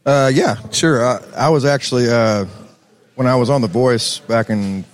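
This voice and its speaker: A man from Texas, speaking with a Texan accent, appears as a musician guest on a casual chat show and tells rambling stories. His medium-pitched voice moves at normal speed, and he's laid-back and laughs often.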